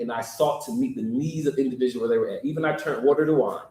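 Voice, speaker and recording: A man's voice: medium pitch, quick pace, hardly any pauses. A man preaching a sermon, talking directly to the congregation in an easygoing, conversational way. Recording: echoey room.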